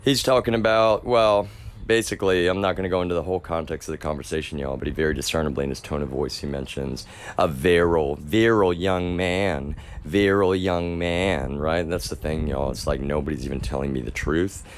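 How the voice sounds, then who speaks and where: This livestreamer is a young man with a very deep, steady voice who talks fast. His ranting monologue to the live chat is agitated and profane, full of restarts, with viewers addressed as "y'all."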